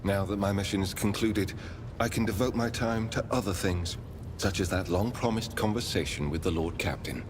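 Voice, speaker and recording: A man voicing a stern, rigid male Inquisitor in a video game who speaks in a formal, measured, solemn way. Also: slight background noise, lightly acted. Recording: game audio with reverb and rumbling background.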